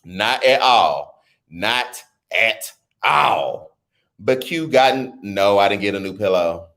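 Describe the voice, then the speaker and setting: A man hosting a casual livestream, reading viewer comments and chatting with his audience in an animated, talkative way. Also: on the low side, unhurried. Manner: chatty, animated, talks straight to his chat. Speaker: livestream host.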